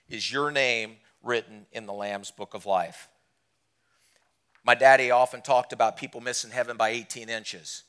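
A man preaching a sermon to a church congregation, asking them direct questions and swinging between loud emphatic lines and quiet low drops. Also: fairly quick. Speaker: guest preacher. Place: church service.

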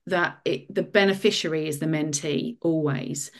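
A woman, a guest author, giving career advice in a casual interview, lively and full of ums. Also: deep voice, moderate pace.

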